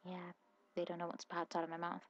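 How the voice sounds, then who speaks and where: A soft-spoken ASMR chat from a sleepy woman from India, her accent a blend of Indian, British and American English. Her voice sits a little low and carries a gravelly fry. She rambles, corrects herself and hurries through her words. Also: monotone, highs cut off. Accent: mixed Indian, British and American English. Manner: rambling, quick and self-correcting. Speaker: ASMR creator.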